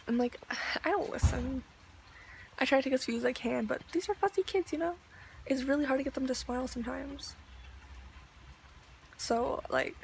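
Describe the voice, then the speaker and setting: A woman's voice: high-pitched, gravelly, slight background noise. A young woman ranting in a video diary, chatty and exasperated, with lots of "like". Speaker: vlogger.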